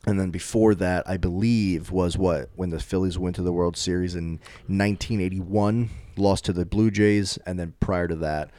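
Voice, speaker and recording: A man's voice: low voice, fairly even intonation, normal speed, hardly any pauses, dark tone, dry recording. A young man from the Philadelphia area in casual chat, skeptical and dry, recounting sports history.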